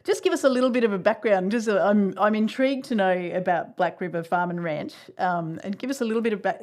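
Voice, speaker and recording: A woman's voice: mid-range voice, darkish tone. A woman with an Australian accent hosting a podcast interview, talking casually and correcting herself as she thinks aloud. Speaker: podcast host.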